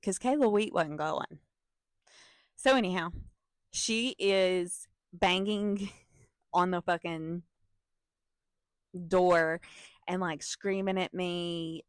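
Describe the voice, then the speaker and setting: A young woman telling a story from her school days in an animated, profane manner, with laughing asides to her viewers. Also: fairly low pitch, slow pace, long pauses, no echo, studio quality. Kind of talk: casual storytime vlog.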